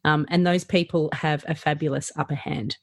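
A woman, a health practitioner, talking through her advice in a podcast conversation, animated and full of ums. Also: normal speed, dry recording. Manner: animated, rising and falling pitch, lots of fillers. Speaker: practitioner educator.

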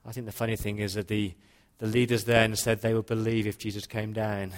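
A man preaching a sermon in a church, earnest, slowing into quiet dramatic pauses. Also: lowish voice, little pitch movement. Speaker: pastor.

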